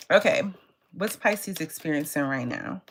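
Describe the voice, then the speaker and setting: A woman's voice: sits low, slight background noise. A woman tarot reader talking in a casual, blunt and profane way, laughing often. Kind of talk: casual live tarot reading.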